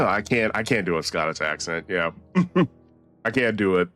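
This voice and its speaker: A man's voice: sits low, animated, moderate pace, fairly bright tone, soft background music. A tired man giving casual, rambling commentary while he streams a game, laughing often and swearing.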